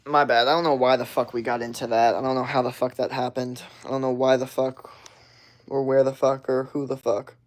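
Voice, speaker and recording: A man's voice: mid-range voice, level tone, a little fast. A young adult man livestreaming, telling a rambling, profane story with constant "like" fillers. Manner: rambling and profane, heavy use of "like".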